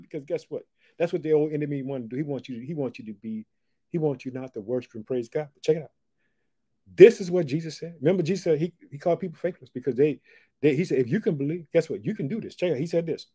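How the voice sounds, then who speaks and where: Fervent preacher, dark mellow voice. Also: male voice, on the high side, fast talker, breathy edge. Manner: fervent, swings from soft asides to loud proclamation. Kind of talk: sermon.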